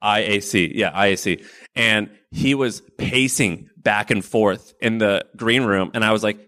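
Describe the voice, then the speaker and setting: A man's voice: fairly low pitch, moderate pace, sharp tone. A man as a podcast guest, telling rambling stories in casual conversation and laughing often.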